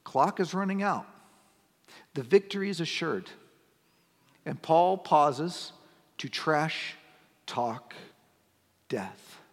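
A middle-aged male pastor delivers a sermon in a high, gravelly voice. He moves from easy, conversational talk to emphatic, near-shouted lines. The sound carries a long reverb from a church sanctuary. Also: expressive, slow, long pauses.

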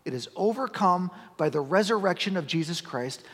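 A high, gravelly voice belongs to a middle-aged pastor giving a sermon at normal speed, animated throughout. His conversational passages build into emphatic lines that are nearly shouted, all carried by the sanctuary's long reverb.

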